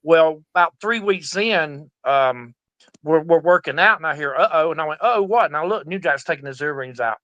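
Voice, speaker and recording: A man's voice: fairly high pitch, expressive, moderate pace, a bit bright, no echo, highs cut off. A middle-aged man, a veteran wrestler, telling stories in a casual interview, profane and rowdy, acting out the voices of the people he quotes. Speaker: guest, veteran pro wrestler.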